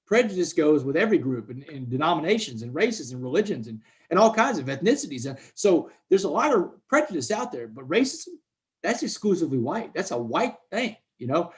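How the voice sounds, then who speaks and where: Man, 40s, fairly high voice, emphatic storyteller on a video call. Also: very animated, fairly quick. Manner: emphatic, repeats words, addresses listeners as "man" and "y'all". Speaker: guest speaker. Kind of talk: conversational storytelling.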